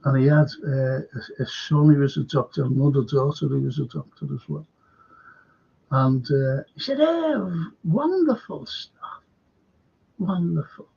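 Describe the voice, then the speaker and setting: Scouse male streamer, gravelly and husky, slightly raised pitch, lo-fi dull stream audio, rambling anecdotal delivery. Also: little pitch movement, moderate pace, warm tone. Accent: Liverpool (Scouse). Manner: meandering, many restarts and asides, earnest. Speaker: current affairs livestream host.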